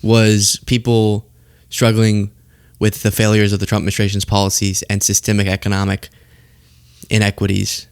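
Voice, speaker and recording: A man's voice: lowish voice, monotone, moderate pace, smooth, no echo, clean studio sound. A man hosting a political commentary show, talking casually and sarcastically with frequent laughter.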